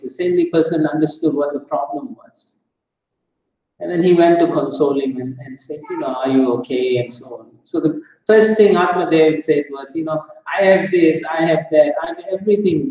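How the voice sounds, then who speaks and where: A man's voice: a little high, dark tone, a little hiss or hum. Storytelling man in an echoey hall. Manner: chatty, laughs at his own asides. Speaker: temple speaker. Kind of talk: storytelling sermon. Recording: echoey temple hall, distant dull mic.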